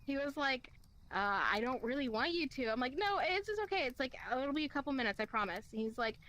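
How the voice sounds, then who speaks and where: Young girl, high voice, telling a story, doing all the voices, swears a lot. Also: fast, rough recording. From Kentucky, USA. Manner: animated, acts out quoted lines, laughs often, swears. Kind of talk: casual storytelling.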